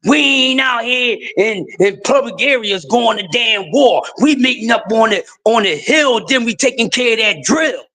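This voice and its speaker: A middle-aged man, ranting emphatically on a livestream, shifting from shouting to quiet pleas. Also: very high-pitched, animated, moderate pace, few pauses. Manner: emphatic, preachy, swings between shouting and quiet. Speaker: livestream host. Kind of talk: impassioned livestream rant.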